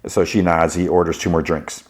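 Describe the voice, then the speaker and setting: A man's voice: low voice, level tone, brisk. A man hosting a podcast, retelling a show's plot in a loose, rambling way full of filler words. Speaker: podcast host. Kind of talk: casual plot recap.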